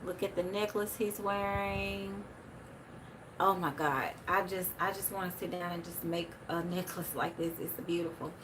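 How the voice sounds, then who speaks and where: A woman's voice: on the low side, fairly even intonation, normal speed, background noise. A woman, chatting casually with viewers on a livestream and reading their comments aloud. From Memphis, USA. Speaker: spiritual livestream host.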